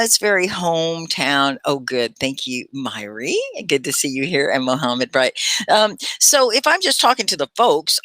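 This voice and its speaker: A middle-aged woman from Texas leads a live online English lesson with a bright, forward voice. She is chatty and carefully articulate, calling out viewers by name. The sound is dry and close, with no room around it. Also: low voice, dry recording. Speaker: English teacher and livestream host.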